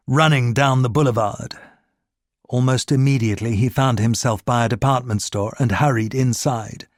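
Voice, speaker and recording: A man's voice: mid-range voice, no room sound. Man narrating a thriller audiobook, dry. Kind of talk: scripted narration.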